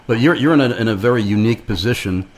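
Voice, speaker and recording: A man hosting a Christian talk radio interview, speaking in a measured, preaching-style way. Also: medium pitch. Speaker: radio show host.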